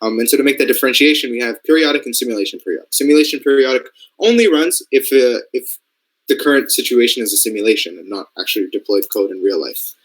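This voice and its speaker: Speaking quickly at a medium pitch, a young Canadian man is heard on a rough recording. He's mentoring in robotics programming, leading an easygoing screen-share coding lesson while thinking aloud and often making sure the group is keeping up.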